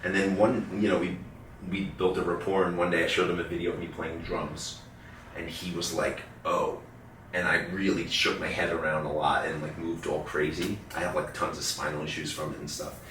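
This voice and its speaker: A man's voice: deep voice, level tone, normal speed, fairly bright tone, roomy sound, far from the mic, slight background noise. A man telling a story as an interview guest, rambling and casual, full of "like" and the odd curse. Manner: rambling, heavy use of "like", swears casually.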